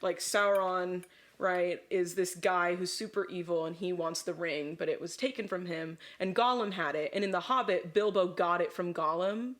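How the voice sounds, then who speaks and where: A woman's voice: lowish voice, moderate pace. Tipsy woman rambling through a story. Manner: rambling, filler-heavy, laughing asides. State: a little drunk. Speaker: podcast co-host. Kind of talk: casual chat retelling a story.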